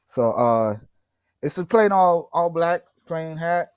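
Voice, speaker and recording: A man's voice: fairly high pitch, lively intonation, slow, clear, resonant tone, no echo, studio quality. A middle-aged man from Miami in casual podcast chat, telling stories animatedly and laughing often. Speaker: podcast co-host.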